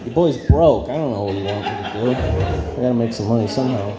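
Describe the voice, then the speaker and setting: On a club stage, a man with a medium-pitched voice runs through an awkward, self-deprecating stand-up set at a brisk clip, full of ums and trailing thoughts. The roomy recording carries crowd noise and bursts of audience laughter.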